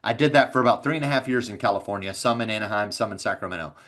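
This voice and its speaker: A man's voice: on the low side, rapid-fire, a bit bright. Easygoing Texas-accented man telling stories. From Texas, USA. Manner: laid-back storytelling, swears casually. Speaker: insurance agency owner, guest. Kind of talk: casual podcast conversation.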